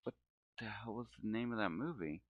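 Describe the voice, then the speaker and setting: A man's voice: fairly low pitch, fairly quick, no room sound, narrow, tinny audio. A man in his forties telling a meandering story while gaming, often correcting himself and laughing. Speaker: gaming channel host.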